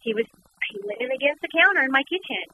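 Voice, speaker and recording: A woman guest and author telling a personal story in conversation, animated and repeating words as she goes. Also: high-pitched, quick pace. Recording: noisy background.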